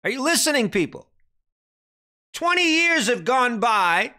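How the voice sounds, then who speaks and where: A man delivers a dramatic sermon, hammering questions at his listeners before dropping to a grave hush. His voice sits high and bright and leaps all over its range. He takes his time, drawing out each phrase. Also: very animated, a little slow, smooth. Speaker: preacher. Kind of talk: impassioned sermon commentary.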